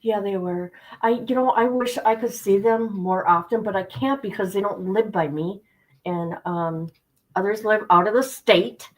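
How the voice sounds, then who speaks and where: Speaking at medium pitch and a moderate pace, this middle-aged woman chats casually with her stream viewers. She addresses them directly and repeats herself for emphasis, though the recording quality is low.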